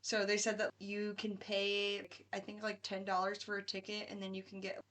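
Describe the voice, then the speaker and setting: Bright, chatty woman laughing easily. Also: medium pitch, monotone, normal speed. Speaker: podcast co-host. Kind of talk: casual chat.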